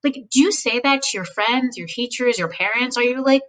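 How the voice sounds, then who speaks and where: A woman speaking as a guest, giving casual, animated advice on speechwriting and mimicking voices now and then. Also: on the high side, moderate pace, recorded from a distance, rough recording. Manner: animated, acts out quoted voices, speaks frankly.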